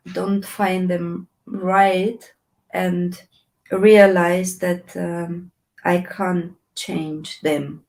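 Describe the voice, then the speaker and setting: Slow, hesitant Romanian-born woman. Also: mid-range voice, rough recording. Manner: hesitant, many pauses and restarts. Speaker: interview guest, puppeteer and actress. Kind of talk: slow reflective conversation.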